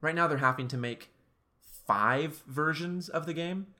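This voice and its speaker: A man with a bright, forward tone co-hosts a casual podcast chat. He reads out parts of an article and thinks aloud, repeating words as he works his ideas out. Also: on the high side. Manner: reads from an article, pauses and restarts while thinking. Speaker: podcast co-host.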